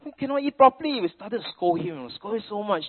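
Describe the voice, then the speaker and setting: In a high, animated, fast voice, a middle-aged Singaporean preacher with a Singaporean English accent tells family stories as part of his sermon, chatting along with Singlish particles. Tinny, phone-like audio.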